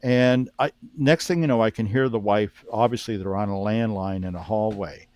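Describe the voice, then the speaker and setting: Low-voiced man telling a story. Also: moderate pace. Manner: animated storyteller who acts out quoted speech, with frequent restarts. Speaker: former police officer and paranormal researcher, podcast guest. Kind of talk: storytelling in a podcast interview.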